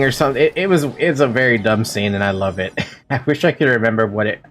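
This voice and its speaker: A man's voice: mid-range voice, animated, fast, a bit bright, slight background noise. A young man streaming a game from home, chatting casually with playful, giggly, melodramatic complaints.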